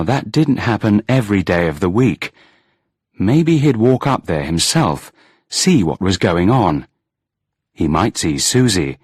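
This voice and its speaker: Husky low-voiced male storyteller. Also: no echo, clean studio sound. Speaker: audiobook narrator. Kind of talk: scripted storybook narration.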